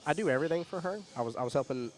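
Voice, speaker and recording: A man's voice: a little high, expressive, rapid-fire, darkish tone, soft background music. A man, commentating a pool match in a casual, chatty way. He laughs often and repeats words as he tells stories. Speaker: pool commentator and division rep. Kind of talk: casual live sports commentary.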